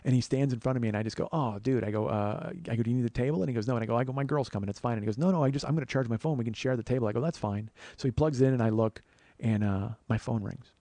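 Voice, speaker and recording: A man's voice: mid-range voice, rapid-fire, hardly any pauses, dry recording. A man in his forties hosting his own podcast and telling a long comic story about his day. He slips into the voices of everyone he talks about and curses freely, often starting sentences over. His voice sits in a medium range and is recorded close and completely dry. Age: 40s. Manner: animated, acts out both sides of conversations; swears casually, frequent restarts. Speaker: podcast host. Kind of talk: solo comedic storytelling.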